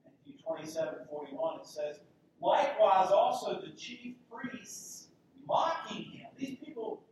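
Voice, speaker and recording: Male preacher with a high voice, dramatic sermon delivery that drops to whispers, far from the mic in a very echoey room. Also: slight background noise. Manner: dramatic, swings between loud declarations and hushed whispers.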